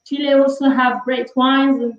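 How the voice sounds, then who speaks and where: A woman with a French accent, a cheese expert guest, speaking English haltingly with many fillers over a video call. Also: high-pitched, level tone. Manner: hesitant, with many fillers and repeats. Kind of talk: casual interview chat. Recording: dull echoey video call audio.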